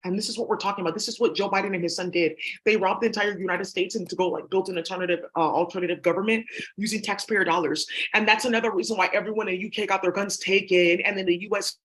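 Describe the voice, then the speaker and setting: A man's voice: sits high, fairly even intonation, fast, fairly bright tone, rough recording. A man talking to his viewers in a rambling, profane, scattered and conspiratorial way. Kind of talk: rambling casual monologue.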